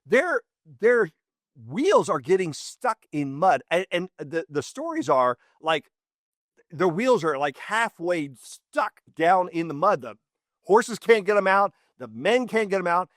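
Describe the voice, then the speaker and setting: Male history host, casual storyteller, a touch high, dry close sound. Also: unhurried, dry recording. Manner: lively storyteller, repeats words for emphasis.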